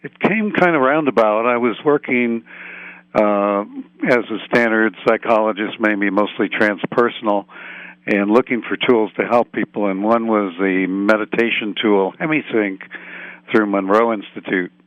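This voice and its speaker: A man speaking as a psychologist guest in an interview, explaining calmly with analogies. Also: on the low side, unhurried, dry recording, lo-fi sound. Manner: calm explanatory, uses analogies. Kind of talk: interview answers.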